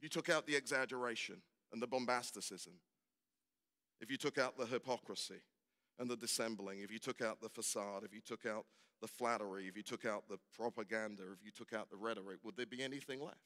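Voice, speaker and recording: A man's voice: fairly low pitch, a little fast, sharp tone. A man preaches a sermon, building his point through rhetorical questions and repeated refrains that rise in intensity. His voice carries through a large space with a long, lingering reverb.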